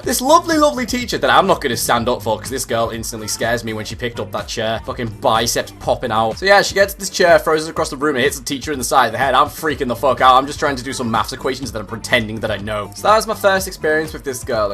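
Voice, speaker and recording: A man's voice: mid-range voice, fast, few pauses, soft background music. A young British man in his twenties, telling a story to camera in a casual, profane, comedic way. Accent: British English. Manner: profane, animated, comedic exaggeration. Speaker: YouTuber.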